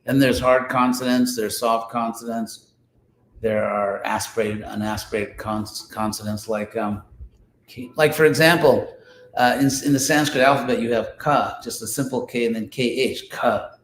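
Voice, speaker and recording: A man teaches a study class in an informal spoken lecture, his mid-range voice steady, moderately paced, and a bit bright. He explains with examples, restarts phrases, and sounds out syllables aloud. The room has listeners present and is echoey with faint ambient noise.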